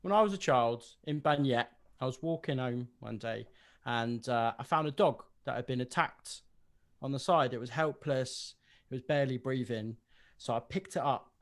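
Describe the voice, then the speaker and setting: A man's voice: mid-range voice, moderate pace, lightly acted. Man playing an earnest young devotee. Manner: earnest, eager storytelling.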